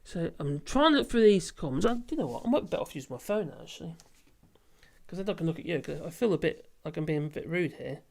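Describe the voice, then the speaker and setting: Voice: mid-range voice, expressive, fast, vocal fry, a little mellow. A casual livestream host, who rambles, laughs often and swears freely while reading viewer comments. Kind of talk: casual live chat.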